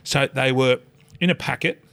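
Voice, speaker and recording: A middle-aged Australian man, a former rugby league player, telling a story on a podcast in a lively, sweary way, acting out the voices of the people in it. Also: mid-range voice, moderate pace, no echo. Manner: animated, swears often, acts out quoted voices. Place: podcast studio.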